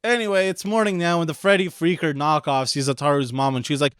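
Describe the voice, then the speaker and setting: A man's voice: a little high, quick pace, few pauses, a bit bright, clean tone. A man narrating a crude comedic recap in a sarcastic, profane manner. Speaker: recap host.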